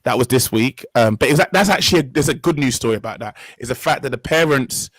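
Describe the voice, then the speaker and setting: A man's voice: mid-range voice, expressive, quick pace, fairly bright tone, no room sound, rough recording. A young man hosting a casual discussion, talking in an earnest, rambling way and often correcting himself mid-sentence. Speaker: podcast host.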